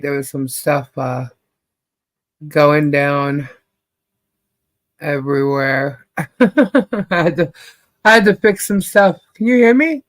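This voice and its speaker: A woman hosting a casual livestream chat. She greets viewers by name, laughs often and is losing her voice. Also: deep voice. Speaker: livestream host.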